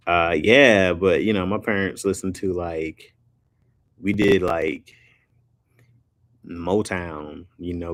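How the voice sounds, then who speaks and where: A man's voice: deep voice, no room sound. A man hosting a casual live stream, talking loosely and jokingly with slang while reacting to viewer comments.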